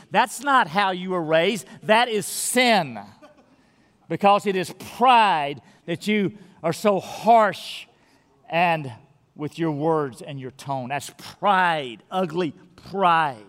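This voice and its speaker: A male pastor with a notably high-pitched voice delivers an earnest sermon, repeating key words and sinking to a hush to drive a point home. His voice rings out with the long reverb of a large church sanctuary. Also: takes it slowly.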